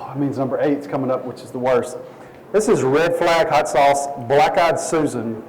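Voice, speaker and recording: A man's voice: mid-range voice, moderate pace, darkish tone, in a large hall, a little hiss or hum, low-quality recording. A man hosting a live event, bantering in a joking, upbeat way. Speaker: host. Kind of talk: playful banter.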